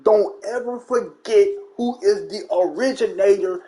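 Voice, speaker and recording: A man's voice: high voice, measured pace, a little mellow. A young man hosting his gaming channel, giving a profane, mocking, emphatic rant about games. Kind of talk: ranting gaming commentary.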